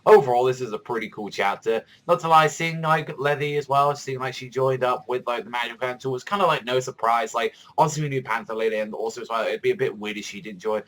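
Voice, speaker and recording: A man giving a casual video review of a manga chapter, talking in a rambling, excitable way and swearing a lot. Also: medium pitch, quick pace, hardly any pauses, rough recording.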